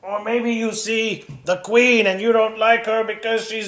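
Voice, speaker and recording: A man teaching children a puppet drama lesson, gentle and encouraging as he demonstrates. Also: sits high, level tone, measured pace.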